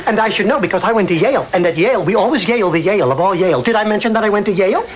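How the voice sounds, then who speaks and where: Stiff, fussy young assistant, animated, sitcom clip, audience laughter. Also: male voice, high-pitched, rapid-fire, very noisy. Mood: prim. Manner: prim and fussy. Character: prissy, uptight young male Yale-educated assistant. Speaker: sitcom character. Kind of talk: sitcom acting.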